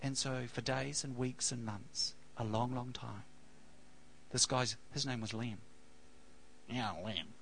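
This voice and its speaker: Bright-voiced preacher telling a story. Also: male voice, mid-range voice, fairly even intonation, takes it slowly, vocal fry, slight background noise, poor audio. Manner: rambling anecdotal delivery with fillers, softening to a hush at the close. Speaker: pastor. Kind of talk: sermon storytelling.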